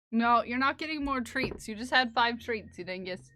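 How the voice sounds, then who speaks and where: A woman's voice: fairly high pitch, lively intonation, normal speed, hardly any pauses, bright, forceful tone, no echo, clean studio sound. A woman chatting casually on a livestream while knitting, laughing often and talking fondly to her cat. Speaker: streamer.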